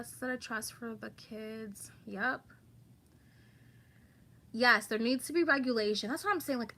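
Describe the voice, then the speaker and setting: A woman's voice: on the high side, sharp tone. A woman hosting a casual livestream, chatting about online drama and reading viewer comments aloud.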